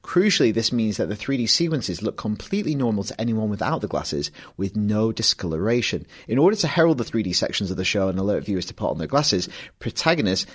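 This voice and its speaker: A man's voice: fairly low pitch, very animated, quick pace, few pauses, husky. A man co-hosting a podcast in casual chat, wry and chatty as he reads out listener emails. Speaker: podcast co-host.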